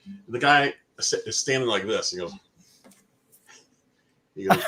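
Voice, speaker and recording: A middle-aged man telling casual stories on a live chat show over a video call, animated and mimicking the people in his anecdotes. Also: fairly low pitch, moderate pace.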